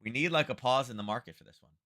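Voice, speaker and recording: A man's voice: medium pitch, rapid-fire, pushed and bright. A man hosting a casual live trading stream, thinking aloud and tagging his points with "right?" while chatting to viewers by name. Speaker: trading livestream host. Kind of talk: casual live market commentary.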